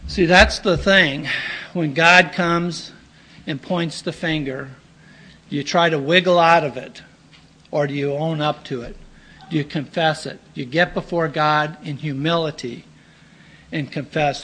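A man preaching a sermon in an earnest, plain-spoken way, often pausing and clearing his throat. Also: on the high side, bright, forceful tone.

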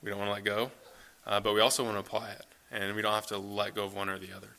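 A man's voice: on the low side, flat delivery, very fast, gravelly, sharp tone. Casual man preaching a sermon. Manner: casual conversational preaching with fillers. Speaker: pastor.

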